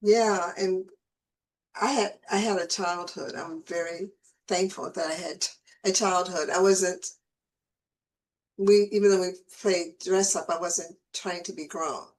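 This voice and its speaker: A woman's voice: lowish voice, steady tone, a little slow, slight background noise, poor audio. A woman hosting an interview show, talking casually and often repeating words as she gathers her thoughts. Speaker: host.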